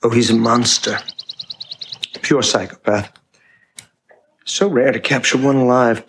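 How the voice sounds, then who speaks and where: A smarmy, leering asylum doctor. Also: male voice, mid-range voice, fairly even intonation, unhurried, fairly bright tone, slight background noise. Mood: smug. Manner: smooth, condescending, flirtatious. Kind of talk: film dialogue.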